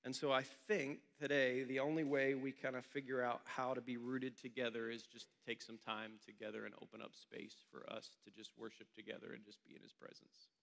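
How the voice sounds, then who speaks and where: Bright-voiced pastor in a reverberant hall. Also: male voice, mid-range voice, little pitch movement, brisk, creaky, few pauses. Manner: conversational storytelling, informal. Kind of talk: sermon. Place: church meeting room.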